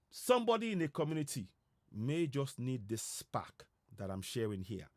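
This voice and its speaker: A man delivers a passionate broadcast address, urging and repeating himself to stir his listeners. His voice sits a little high, and the sound is close and dry with no room around it. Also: no echo. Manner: urgent, repetitive, exhorting. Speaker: political commentator.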